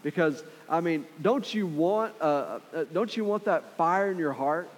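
A man's voice: on the high side, measured pace. A man preaching a sermon with passion, repeating phrases for emphasis and acting out voices from the story. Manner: impassioned, repetitive, acts out quoted voices. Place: church sanctuary. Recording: reverberant hall with faint music.

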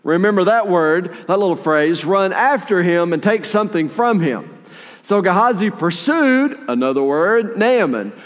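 A man preaching a sermon in a conversational, animated way, with playful asides while retelling a story. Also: high voice, moderate pace, big-room sound. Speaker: pastor.

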